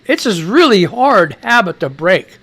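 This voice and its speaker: Reading the news on his live radio show, a middle-aged American man rambles profanely and answers himself in casual live-stream commentary. He speaks unhurriedly in a high, sing-song voice with a fairly bright tone.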